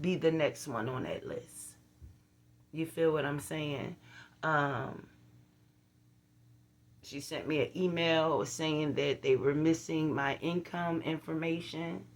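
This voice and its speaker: Blunt woman vlogging. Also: deep voice. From Philadelphia. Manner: earnest, blunt, preachy, with frequent "you feel what I'm saying" asides. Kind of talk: casual direct-to-camera vlog.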